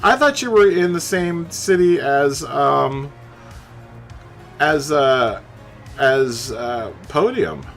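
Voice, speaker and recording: A man with a mid-range, fairly bright voice and lively intonation takes his time chatting with live viewers while streaming a racing game. His home setup uses a studio mic through a mixer, faint music plays behind him, and he rambles while laughing at his own jokes.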